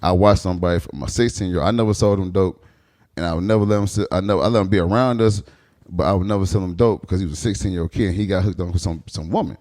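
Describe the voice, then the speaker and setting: A stand-up comedian, a man, telling rough street stories in a casual podcast chat, with lots of profanity and laughter. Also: low voice, racing. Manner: animated, profane street storytelling with frequent laughs.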